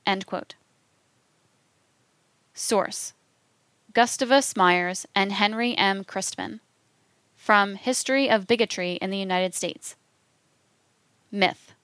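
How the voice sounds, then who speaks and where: Slow, measured woman reading aloud. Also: mid-range voice, clean tone, no room sound. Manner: measured, even, deliberate delivery. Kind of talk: scripted reading of quotations.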